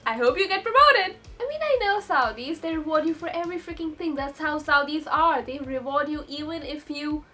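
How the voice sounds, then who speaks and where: A young woman telling a story in a chatty, excitable vlog, breaking into sudden high squeals. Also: brisk, hardly any pauses. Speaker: vlogger.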